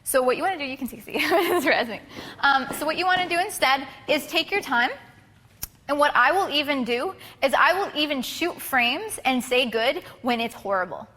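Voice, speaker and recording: Woman, photography instructor, bright forceful voice, casual filler-heavy delivery, long hall reverb. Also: sits high, expressive, normal speed. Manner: casual, chatty, many fillers and restarts. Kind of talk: live workshop talk.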